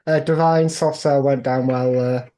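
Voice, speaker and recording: A man's voice: mid-range voice, steady tone, normal speed, dark tone. A man chatting on a live stream as a guest DJ, answering in brief, laid-back replies with hesitant fillers. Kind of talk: casual live-stream chat.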